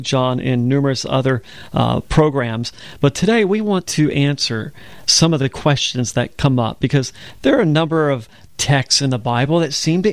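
A man's voice: mid-range voice, no room sound. A man co-hosting a radio Bible program, explaining verses in an earnest, storytelling way.

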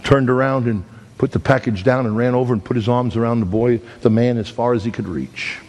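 A middle-aged man preaching a sermon, telling a story with dramatic swings between loud emphasis and hushed, slow lines. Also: medium pitch. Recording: long hall reverb.

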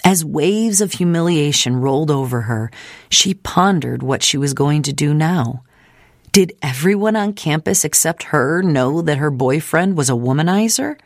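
A woman with a low, husky voice narrates an audiobook in a measured, expressive way. Her pitch moves a great deal, and the recording is dry and close. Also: no room sound.

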